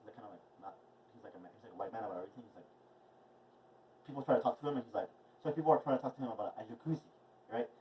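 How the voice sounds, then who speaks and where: A man's voice: on the low side, racing, pauses often. A man teaching a movement class in a casual, rambling way, with many fillers. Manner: rambling, filler-heavy, chatty. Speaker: movement and wellness instructor. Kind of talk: casual instructional vlog. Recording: dull, distant mic.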